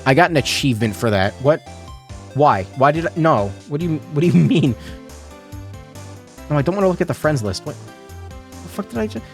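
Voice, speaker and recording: Male gaming streamer, casual rambling commentary, animated pitch. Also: brisk, pauses often, soft background music. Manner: rambling, swears, trips over words.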